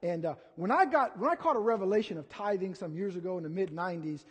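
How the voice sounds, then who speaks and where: A middle-aged pastor from Ohio preaches in a folksy, rambling way, full of asides and fillers. His voice sits high for a man and has a husky edge. The sound rings out with a long reverb, as in a large church sanctuary. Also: lively intonation, fast talker. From Ohio, USA. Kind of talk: conversational sermon.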